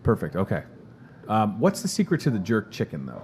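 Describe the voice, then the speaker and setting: A man's voice: fairly low pitch, huge pitch swings, brisk, a little mellow, slight background noise. A man hosting a supermarket promo show, talking in a chatty, upbeat, salesy way about the week's deals. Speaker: store promotions host. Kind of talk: upbeat in-store promo chat.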